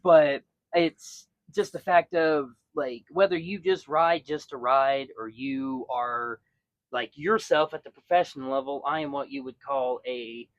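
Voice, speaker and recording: A man's voice: mid-range voice, measured pace, no room sound, dull audio. A young man hosting a podcast, chatting casually in a rambling way with many restarts and fillers. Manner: rambling, lots of restarts and fillers, storytelling with quoted voices. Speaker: podcast host. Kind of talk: casual chat.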